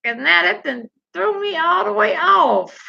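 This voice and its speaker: A woman's voice: very high-pitched, animated, a little slow, vocal fry, bright, forceful tone. A woman hosting a casual livestream chat, salty and candid, talking straight to her viewers and telling stories. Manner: chatty, addresses viewers directly. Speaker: livestream host reading viewer comments. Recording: dull lo-fi recording.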